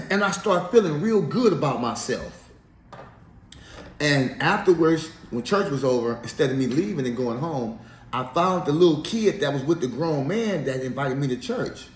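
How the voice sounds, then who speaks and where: Brief: male interview guest, raised pitch, lively slangy storytelling, echoey room with faint noise. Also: moderate pace. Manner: animated, slangy storyteller with laughs.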